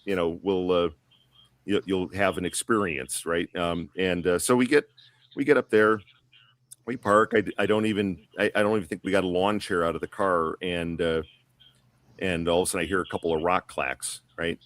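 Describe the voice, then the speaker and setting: A man's voice: deep voice, fairly even intonation, normal speed, a bit bright, dry recording. A man telling a long story on a podcast panel in a casual, rambling way, full of fillers and restarts. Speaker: guest.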